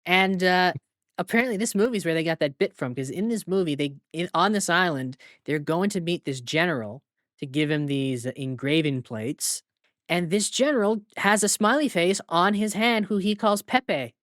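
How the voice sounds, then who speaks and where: A man's voice: on the high side, moderate pace, fairly bright tone, no room sound, studio quality. A man co-hosting a podcast, retelling movie scenes in casual chat, with many fillers. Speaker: podcast co-host.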